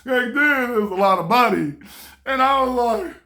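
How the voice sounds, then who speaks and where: A young man from a small town tells a story straight to camera, casual and animated. His voice is bright and forceful, and he laughs often as he acts out the people in his tale. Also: very high-pitched, normal speed. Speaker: vlogger.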